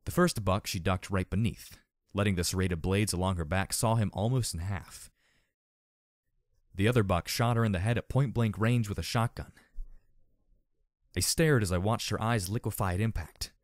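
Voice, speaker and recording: A hoarse man narrating a fan audiobook in an expressive, dramatic reading. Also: on the low side, normal speed, dry recording, studio quality. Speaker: audiobook reader.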